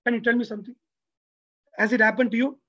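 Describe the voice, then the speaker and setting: A man giving a motivational religious talk, lively and preacherly, who keeps asking his audience rhetorical questions. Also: very high voice, fast talker, lo-fi sound. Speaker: lecturer.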